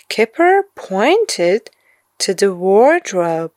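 A woman reading a children's storybook aloud, expressive and hushed at suspenseful moments. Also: medium pitch, no echo, studio quality. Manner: slow, expressive read-aloud delivery, dropping to a hush for suspense. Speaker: narrator.

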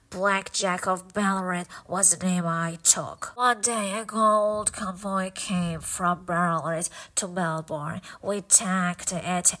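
A woman voicing a dying old man who wearily confesses his past, speaking slowly and gravely, in a storybook reading. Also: medium pitch, pushed and bright, rough recording.

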